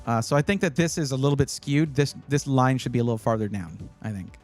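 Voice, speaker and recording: A man hosting a live stream, chatting casually and advising viewers, with frequent fillers and sudden bursts of excitement. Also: mid-range voice, quick pace, soft background music. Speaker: livestream host giving PC buying advice.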